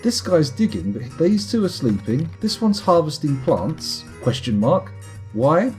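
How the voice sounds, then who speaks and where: A man's voice: on the high side, big pitch swings, a little slow, a little mellow, soft background music. A man streaming a game late at night, chatting in a rambling, wry, self-mocking way to his viewers. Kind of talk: casual live-stream chat while gaming.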